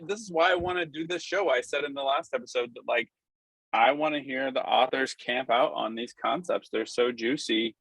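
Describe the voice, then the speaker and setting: A man's voice: medium pitch, normal speed, fairly bright tone, husky, dry recording, rough recording. A man in his forties hosting an interview, speaking in an enthusiastic, thoughtful way. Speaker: podcast host. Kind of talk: casual interview talk.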